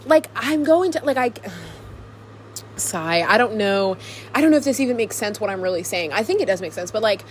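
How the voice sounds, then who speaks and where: A woman's voice: medium pitch, animated, brisk, a little hiss or hum. A young woman vlogging to her camcorder alone, chatting casually in a rambling, giggly way. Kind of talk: casual chat to camera. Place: alone in a room.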